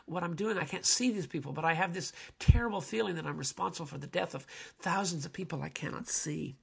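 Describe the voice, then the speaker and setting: A man quoting a young male bomber pilot who is anguished and guilt-ridden, speaking in a hushed, faltering way. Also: fairly high pitch, fast, gravelly, slightly rough, heavily acted.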